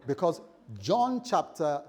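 A man preaching a sermon as pastor, animated, swinging between loud bursts and quiet asides, often acting out the voices of others. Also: a little high, slow pace.

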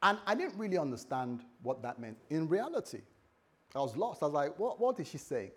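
A man preaching a sermon, telling a story and acting out both sides of a conversation, dropping to a hush and then rising loud. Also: on the high side, big pitch swings, a little fast, slightly rough. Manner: storytelling, acts out dialogue, swings from hushed to loud. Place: church hall with a congregation. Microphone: recorded for the church website.

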